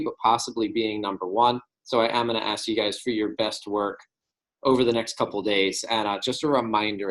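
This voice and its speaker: A man at a medium pitch gives an upbeat, encouraging talk to his sales team. He keeps it casual and conversational, often checking in with a quick "right?" as he goes. He speaks in a meeting room with a whiteboard. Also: a bit bright, a little hiss or hum, poor audio. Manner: casual, tags remarks with "right?". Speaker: sales district manager.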